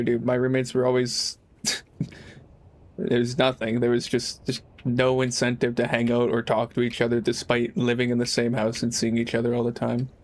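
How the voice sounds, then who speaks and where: A young man chatting casually while streaming a game, rambling and laid-back, swearing freely. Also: medium pitch. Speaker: live streamer. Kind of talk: casual gaming livestream chat.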